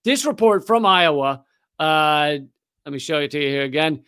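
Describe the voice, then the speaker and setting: High-voiced man ranting sarcastic news. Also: moderate pace, clear, resonant tone. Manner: profane, sarcastic, animated ranting with restarts. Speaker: political comedian and news host. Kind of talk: comedic political news commentary.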